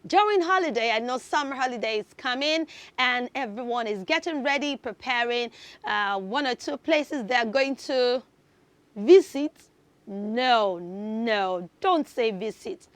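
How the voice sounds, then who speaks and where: A woman's voice: on the high side, animated, unhurried, no echo. A woman hosting a children's TV lesson, upbeat and coaxing like a teacher. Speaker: children's TV host. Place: TV studio.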